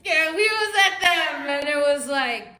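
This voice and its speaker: Animated high-voiced New woman. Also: a little slow, reverberant, slight background noise. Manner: animated, swings between hushed and loud, laughs often. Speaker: storyteller. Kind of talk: storytime vlog.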